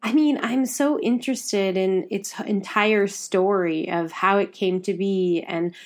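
A young woman co-hosting a podcast, with a light Midwestern accent. She talks in a chatty, rambling way, full of fillers like "like", at a steady middle pitch. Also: measured pace. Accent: Midwestern American. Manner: chatty, rambling, says like a lot. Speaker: podcast co-host. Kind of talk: casual chat.

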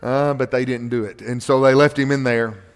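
A middle-aged man preaching a sermon from a church stage, emphatic and animated, repeating key phrases for effect. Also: medium pitch, normal speed, clean tone. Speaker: pastor. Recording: long hall reverb from a church stage.

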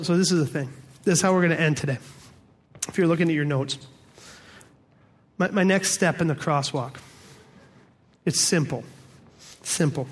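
A man preaching a sermon as pastor, telling a story with lively quoted voices. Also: fairly high pitch. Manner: storytelling, animated quoted voices, laughing audience.

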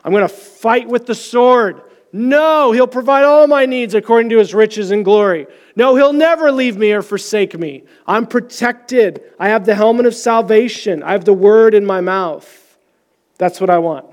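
A man preaching a sermon, animated and storytelling, acting out quotes in sudden higher voices and slowing down gently to pray. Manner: slows down and softens in prayer.

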